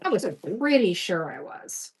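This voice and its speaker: A woman's voice: mid-range voice, big pitch swings, measured pace, husky. A middle-aged woman hosting a live-stream craft sale, chatty and upbeat, thanking viewers by name. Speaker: host selling craft supplies. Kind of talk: live-stream selling chat.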